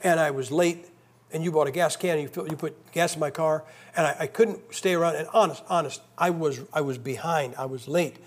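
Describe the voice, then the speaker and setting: A preacher voicing a hurried, apologetic stranger, a husky man. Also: on the high side, close to an everyday voice. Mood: grateful. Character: anxious stranded male traveler, later grateful convert.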